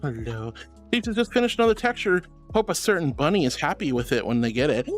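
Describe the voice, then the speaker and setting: A man's voice: fairly high pitch, sing-song, fast talker. A man streaming as a VTuber, reading chat messages aloud and answering viewers affectionately, calling them sweetie and honey. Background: faint background music.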